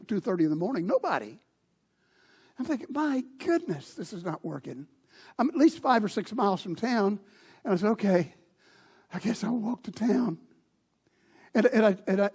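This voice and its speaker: A middle-aged male pastor preaching a sermon, telling a personal story animatedly, swinging between loud outbursts and hushed lines. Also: high voice. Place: church sanctuary.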